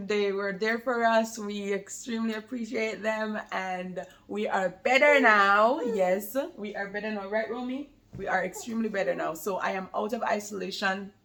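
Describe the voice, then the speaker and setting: A woman's voice: mid-range voice, unhurried, few pauses, fairly bright tone. A woman chatting casually to camera about being a new mother, rambling and laughing often, with a slight lingering cold.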